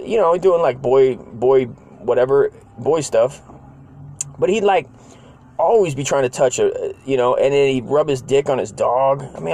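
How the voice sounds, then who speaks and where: In a warm voice, a man in his forties tells a childhood story, talking casually and swearing a lot. He rambles, leans on slang, and shifts into higher voices whenever he quotes someone.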